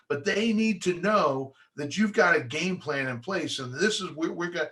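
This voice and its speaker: Bright-voiced man coaching real estate agents. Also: fairly high pitch, moderate pace, hardly any pauses. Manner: conversational, restarts often, acts out clients' voices. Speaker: home inspector.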